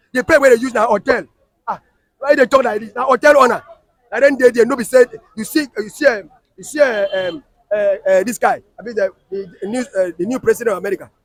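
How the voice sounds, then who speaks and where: A man's voice: extremely high pitch, fast, fairly bright tone, no echo. A man with a Nigerian Pidgin accent, arguing emphatically and repeating himself in a heated street interview. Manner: emphatic, repetitive, scolding.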